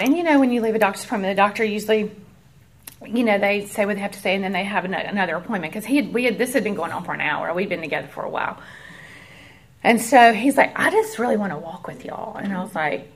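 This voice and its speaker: A woman with a medium-pitched voice talks fast as she earnestly shares a personal testimony with a church group. Her manner is conversational, and she acts out the voices of the people in her story.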